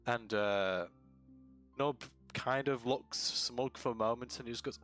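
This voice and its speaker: A man's voice: medium pitch, measured pace, fairly bright tone, faint music behind. A man running a tabletop game as dungeon master, narrating casually with many fillers. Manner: casual, with many fillers, keeps the story moving.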